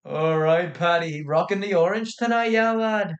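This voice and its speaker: A young man hosts a casual livestream about a fight night. His voice sits slightly high, and he talks in brash, cursing, slangy bursts, full of trash talk. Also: normal speed, highs cut off. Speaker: livestream host.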